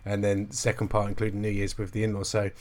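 A man's voice: on the low side, monotone, fast, darkish tone. A man hosting a podcast in casual chat, hesitant, with many ums and chuckles. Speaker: podcast host.

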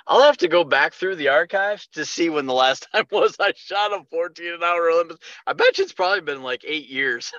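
A man co-hosts a podcast, telling a story animatedly and acting out the quotes in a bright, forceful voice. The sound is dry and somewhat dull, like a lo-fi recording. His pitch sits in an ordinary middle range. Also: lively intonation, fairly quick, dry recording. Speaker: podcast co-host. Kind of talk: casual chat.

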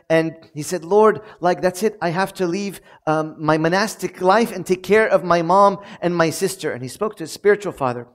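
A priest preaching a sermon, telling stories and acting out pleading prayers with lively emphasis. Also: male voice. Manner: animated storytelling, acts out prayers with rising pitch.

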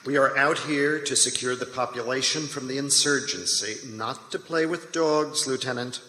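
Guy playing a tired clipped colonel in his forties, bright tone, echoey hall. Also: medium pitch, normal speed, lightly acted. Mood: weary. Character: weary male army colonel in his forties. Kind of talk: staged play reading.

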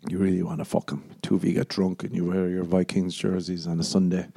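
Irish male podcast host, young adult, low and warm voice, rambling profane monologue. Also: little pitch movement, quick pace, gravelly. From Ireland. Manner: profane, jokey, shifts into mock voices.

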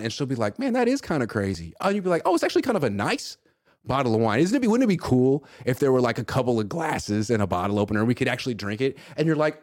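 A man in his thirties chats about sports with a voice that swings widely in pitch, jumping up and down as he tells stories and plays other people's lines. His mid-pitched voice comes across close and dry, with no room sound around it. He reads viewer comments and pokes fun at himself. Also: quick pace, no room sound. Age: 30s. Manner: animated, mimics voices in anecdotes, self-mocking. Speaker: podcast host reading chat comments. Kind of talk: casual sports chat.

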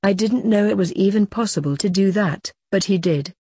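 A woman voicing a matter-of-fact reaper's assistant, a grown man, in a husky voice. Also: medium pitch, moderate pace, mellow, no room sound, clean studio sound. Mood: dutiful.

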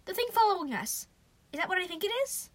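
Harried teen boy under pressure, as a woman puts him on; push it loud and high. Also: very animated, fast talker, slight background noise. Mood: frantic. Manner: harried, yelling, exasperated. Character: frantic teenage boy narrator, exasperated.

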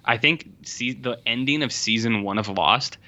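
A man talking casually as a podcast co-host, swearing freely and slipping into the voices of people he quotes. His voice is bright and forceful. The recording sounds a bit dull and lo-fi. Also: mid-range voice, moderate pace. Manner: loose, swears freely, acts out quoted dialogue. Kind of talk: casual chat.

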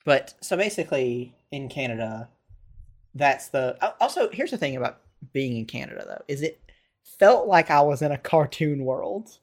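Animated young American guy telling stories. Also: mid-range voice, normal speed. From United States. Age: 20s. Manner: rambling, animated storytelling with laughs. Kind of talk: casual chat. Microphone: video call.

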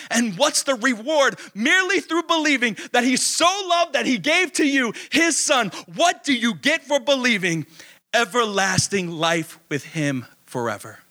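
Bright high-voiced male preacher. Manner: emphatic, questions and answers, drawn-out stresses. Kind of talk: sermon.

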